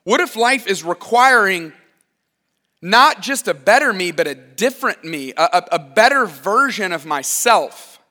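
A man in his thirties delivering a sermon in a relaxed, joking, self-deprecating way. His voice sits high and sounds bright and forward. The sound carries a long hall reverb, as from a large church. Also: a little slow. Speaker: pastor.

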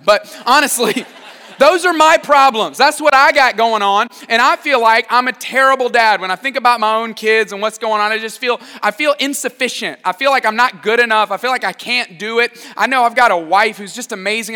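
A man in his thirties delivering a sermon in a relaxed, joking, self-deprecating way. His voice sits high and sounds bright and forward. The sound carries a long hall reverb, as from a large church. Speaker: pastor.

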